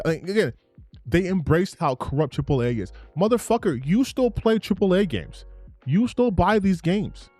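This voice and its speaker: A man's voice: high voice, sing-song, moderate pace, a little mellow, no echo, soft background music. A man giving heated, profane reaction commentary on gaming news, ranting and repeating himself for emphasis.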